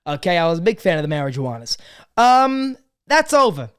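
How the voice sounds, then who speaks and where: A man in his twenties hosting a casual confessional vlog, crude and swearing, swinging from loud joking greetings to quiet serious talk. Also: high voice, sing-song, a little fast, clean tone. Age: 20s. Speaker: podcast host.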